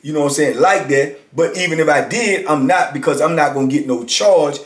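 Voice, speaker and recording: A man in his fifties speaks fairly quickly in a slightly high voice, telling a relaxed tale about prison life. He often checks in with "you know what I'm saying," and the space sounds echoey.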